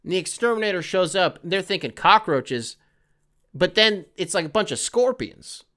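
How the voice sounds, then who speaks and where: A man's voice: high voice, lively intonation, normal speed, pushed and bright. A man hosting a comedy podcast, rambling through absurd bits and acting out voices. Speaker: podcast host. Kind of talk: comedic solo riffing.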